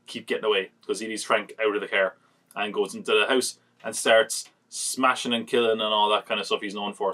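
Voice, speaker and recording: A man's voice: on the low side, a bit bright. Rambling man reviewing films. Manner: rambling, acts out quotes in retelling. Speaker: podcast host. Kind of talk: casual film review chat.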